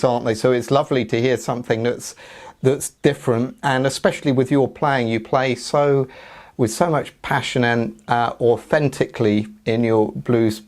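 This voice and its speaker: A man's voice: medium pitch, a little mellow. A man hosting a casual interview and teaching guitar licks, friendly and fond of tag questions.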